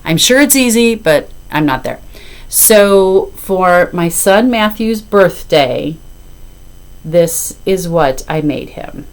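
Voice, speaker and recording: Woman in her 50s rambling about her stitching, kinda low voice, lots of ums and sorrys. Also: expressive, slow pace. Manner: rambling and apologetic, with filler. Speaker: cross-stitch vlogger. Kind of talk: casual chat to camera.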